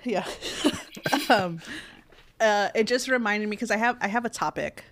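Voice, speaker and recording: A woman's voice: medium pitch, normal speed. Hesitant woman chatting on a podcast. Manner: hesitant, many ums, laughing. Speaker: podcast co-host. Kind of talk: casual chat.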